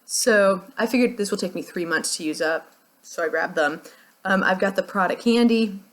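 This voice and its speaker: A woman's voice: mid-range voice, moderate pace. An American woman talking casually through a beauty project, chatty and rambling with frequent laughs. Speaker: beauty vlogger. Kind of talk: casual product chat.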